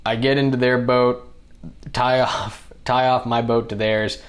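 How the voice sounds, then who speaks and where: A young man, a podcast guest, telling a story in a casual, animated way and acting out what others said. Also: medium pitch, measured pace. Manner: animated, acts out other people's lines in the telling.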